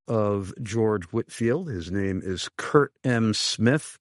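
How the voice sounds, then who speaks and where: A man hosting a radio interview show, speaking in an earnest, halting way with frequent pauses. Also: lowish voice, no echo, studio quality. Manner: slow, earnest, halting with many uhs.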